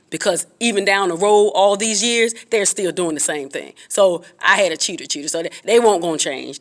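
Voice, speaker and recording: Woman, earnest preachy advice vlogger, emphatic pitch jumps. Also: fairly bright tone. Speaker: vlogger giving relationship advice. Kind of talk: casual advice talk to camera.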